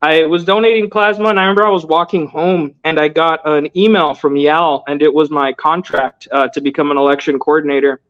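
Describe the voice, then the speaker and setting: Young male guest, high voice, rambling earnest delivery, dull lo-fi audio. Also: fairly even intonation, fairly quick, few pauses, clear, resonant tone. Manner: loose, filler-heavy, earnest. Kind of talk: casual storytelling interview.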